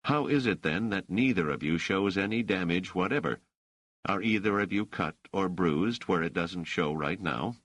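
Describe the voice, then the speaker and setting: A man voicing a stern police officer who questions suspects in a flat, probing, faintly sarcastic way. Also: low-pitched, normal speed, no room sound, pitched above the performer's own voice. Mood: interrogating. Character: stern male police officer, coolly interrogating.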